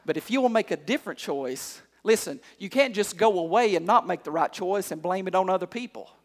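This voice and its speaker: A male pastor preaching a sermon, calling out to the congregation and climbing to shouts. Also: sits high, lively intonation, a little fast. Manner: call-and-response preaching, rising to shouts. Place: church hall. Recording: long hall reverb.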